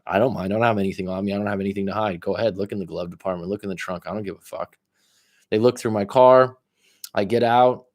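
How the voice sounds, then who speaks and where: A man giving casual coaching advice on a livestream, blunt and profane. He speaks straight to one viewer, swinging between loud emphasis and low asides. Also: fairly even intonation, fast. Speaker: life coach.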